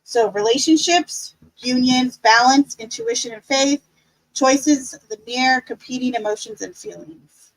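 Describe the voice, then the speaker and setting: Woman, high voice, tarot teacher, casual live-stream class, upbeat, encouraging, chatty. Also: measured pace, poor audio.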